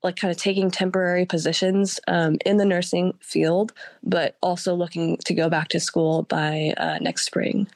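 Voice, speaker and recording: A woman's voice: on the low side, level tone, moderate pace, a little mellow, dry recording. Sick young woman, chatty and dry. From United States. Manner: chatty, laughing, many fillers. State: sick, hoarse. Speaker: guest. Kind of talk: casual chat. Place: Los Angeles area.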